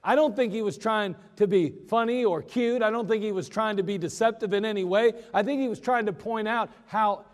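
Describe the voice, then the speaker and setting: Male pastor, high voice, folksy sermon delivery with emphatic slowdowns, reverberant hall.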